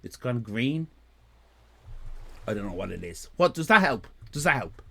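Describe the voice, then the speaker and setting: A man's voice: mid-range voice, very animated, normal speed, gravelly, fairly bright tone. A man in his fifties with an Irish accent, chatting casually on a live stream, rambling, repeating himself and joking with his chat. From Ireland. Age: 50s.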